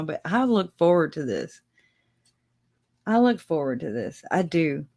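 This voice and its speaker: A woman's voice: low-pitched, very animated, unhurried, pauses often, a little mellow. A woman hosting a casual livestream, rambling and chatty, laughing often and talking straight to her viewers. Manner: speaks to viewers directly. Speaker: livestream host.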